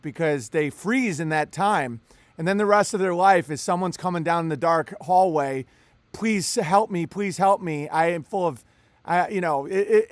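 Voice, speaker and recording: A man's voice: on the high side, no echo. A man talking casually and animatedly on a podcast, cursing freely and joking between points. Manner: animated, profane, quick asides and jokes. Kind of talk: casual conversation.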